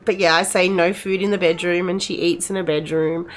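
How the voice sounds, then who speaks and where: A woman's voice: lowish voice, level tone, a little fast. A middle-aged woman, chatting casually with her live-stream viewers in a rambling way, full of restarts.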